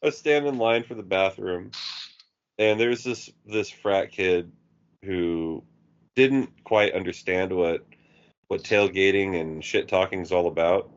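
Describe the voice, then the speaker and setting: A man's voice: low voice, measured pace, clear, resonant tone. A man co-hosting a podcast, telling profane stories in casual chat and laughing at his own jokes, from Eugene, Oregon. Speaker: podcast co-host. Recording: dull lo-fi sound.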